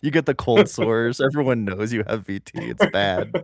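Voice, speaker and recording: A man's voice: medium pitch, moderate pace, dry recording, studio quality. A man in his thirties co-hosting a podcast, chatting in a playful, jokey way. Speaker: podcast co-host. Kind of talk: casual chat.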